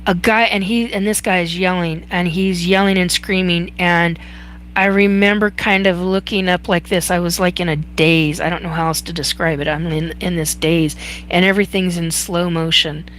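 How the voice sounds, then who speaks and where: A woman hosting a live chat, telling a personal story in a halting way with many fillers and restarts. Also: on the low side, steady tone, fairly bright tone, a little hiss or hum. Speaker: host.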